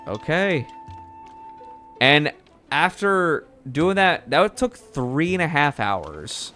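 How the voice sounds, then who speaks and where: A man's voice: on the high side, very animated, takes it slowly, pushed and bright, soft background music. A man from the Philadelphia area talking casually and rambling while playing a game. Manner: rambling, restarts often. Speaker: gaming streamer. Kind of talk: casual gameplay commentary.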